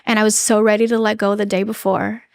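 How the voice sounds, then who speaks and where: A woman's voice: mid-range voice, flat delivery, quick pace, darkish tone, no room sound, studio quality. A woman guest on an interview podcast telling a personal story in earnest, chatty speech full of "like" and restarts. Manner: earnest, emotional recounting.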